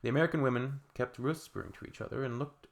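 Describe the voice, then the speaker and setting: A man's voice: medium pitch, quick pace, gravelly. A Canadian man hosting a reaction video, reading viewer comments aloud with dry, sarcastic asides.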